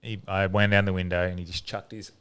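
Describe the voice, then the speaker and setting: A man's voice: sits low, level tone, fast, fairly bright tone, clear, resonant tone. A man, co-hosting a casual podcast chat, speaking earnestly and reflectively, with the odd swear word. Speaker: podcast co-host.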